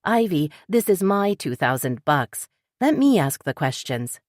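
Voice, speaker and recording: A woman narrator voicing a wisecracking young woman bookstore owner, eager, pleading and quick to joke. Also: lowish voice, very animated, no echo, clean studio sound, voice pushed up. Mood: urgent.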